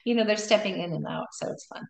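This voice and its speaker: A middle-aged woman who teaches meditation and yoga chats casually as an interview guest, speaking in loose, trailing sentences full of restarts. Her mid-range voice is fast and gravelly, and the room has a noticeable echo.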